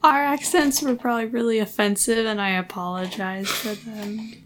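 A woman's voice: a little high, steady tone, moderate pace, slight background noise. A woman co-hosting a casual book-discussion podcast, chatting easily and laughing often. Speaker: podcast co-host.

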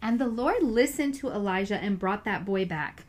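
A woman's voice: medium pitch, animated, moderate pace. A woman giving a casual, earnest Bible reflection, chatty and full of filler words. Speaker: Bible study speaker.

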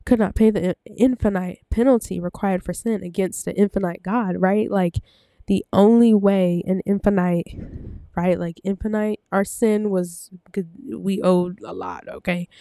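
This woman's voice is mid-range, gravelly and mellow, with no echo on the desk-microphone recording. As a Bible teacher, she talks casually and rambles, using many fillers and correcting herself, a little out of breath.

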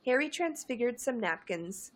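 A woman's voice: fairly high pitch, big pitch swings, moderate pace. A woman reading as a frank teenage witch. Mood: exasperated. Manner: candid, embarrassed recounting.

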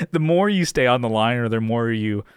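A podcast co-host with a smooth, medium-pitched voice retells stories in casual chat, acting out the quotes in raised voices. The sound is studio quality with no room sound.

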